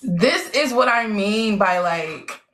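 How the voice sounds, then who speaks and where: A woman hosting a casual live chat, excitable and slangy, laughing often as she talks. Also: mid-range voice, slow pace, a little hiss or hum. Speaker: livestream host.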